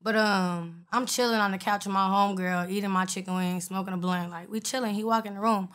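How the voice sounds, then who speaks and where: A woman rapper speaks in a relaxed, profane interview chat. She sits at a mid pitch for a woman and tells her stories bluntly, quoting other people as she goes. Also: a little fast. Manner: blunt, profane, retells exchanges with quoted voices. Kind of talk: casual interview storytelling.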